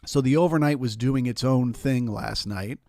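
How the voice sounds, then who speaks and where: A man's voice: mid-range voice, normal speed, creaky, dark tone, dry recording. Man explaining market charts, dry sound. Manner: explanatory, talks through charts with restarts. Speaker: trading stream host. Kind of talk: live market commentary.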